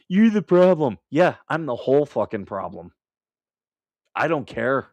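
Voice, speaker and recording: A man's voice: mid-range voice, a little mellow, no echo. Blunt, profane man hosting a live stream. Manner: laughs at his own remarks. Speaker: livestream host. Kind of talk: casual live commentary.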